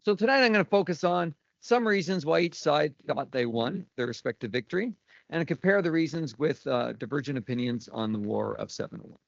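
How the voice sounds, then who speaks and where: A man's voice: fairly high pitch, a little fast, gravelly, no room sound. A man giving a university lecture from his notes, with dry asides and some stumbles over his words. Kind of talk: academic lecture read from notes. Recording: dull lo-fi lecture recording.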